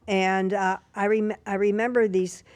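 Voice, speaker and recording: A woman's voice: medium pitch, flat delivery, measured pace, darkish tone, dry recording. Older woman, rambling talent agent. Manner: rambling, many fillers and restarts. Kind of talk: casual interview.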